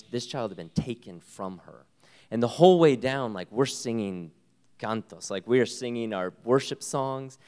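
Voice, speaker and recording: A man with a low voice tells an emotional story as a guest, earnest and halting. He stops, restarts, and sometimes sinks to a hushed whisper. A long room reverb trails behind his words. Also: smooth. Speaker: guest speaker, ministry worker.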